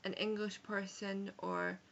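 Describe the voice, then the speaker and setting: A woman's voice: mid-range voice, flat delivery, unhurried, creaky, fairly bright tone, muffled recording. A young woman with an Edinburgh Scottish accent, chatting frankly through a casual book review vlog, with swearing and self-corrections. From Scotland. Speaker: book vlogger. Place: home room on a rainy day.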